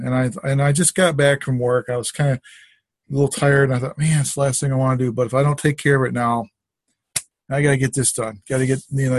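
A man's voice: mid-range voice, a little mellow, dry recording. A middle-aged man sharing a personal faith testimony in a casual, rambling way, with restarts and asides, on a conference call. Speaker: testimony sharer.

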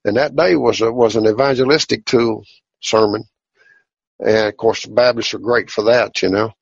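A man tells his religious testimony in a folksy, plainspoken, halting way, on a dull lo-fi recording. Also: lowish voice, fairly even intonation, creaky, slightly rough, no room sound. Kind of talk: personal testimony storytelling.

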